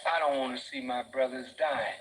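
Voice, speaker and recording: A man's voice: medium pitch, steady tone, normal speed, noisy background. A man preaching a sermon, emphatic and repetitive, his voice climbing as he builds.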